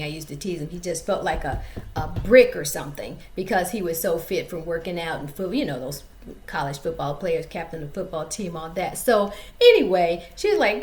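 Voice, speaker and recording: A woman's voice: on the low side, roomy sound. A woman author telling a casual story-time vlog, chatty and addressing viewers directly.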